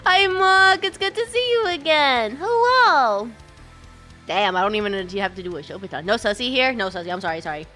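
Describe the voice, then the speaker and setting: Bright, high-pitched woman streamer. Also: very animated, normal speed, soft background music. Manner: giggly, chatty, greets viewers. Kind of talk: casual live-stream chat.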